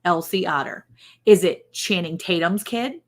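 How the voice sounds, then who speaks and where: A woman's voice: on the low side, measured pace. A woman hosting a casual livestream, quizzing her co-host and reading viewer comments aloud. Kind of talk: casual chat, running a guessing game.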